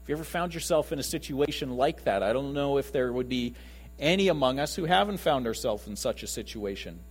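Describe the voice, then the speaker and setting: A man preaching a conversational sermon to his congregation, animated and lively in delivery. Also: mid-range voice, fairly quick, husky. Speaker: pastor.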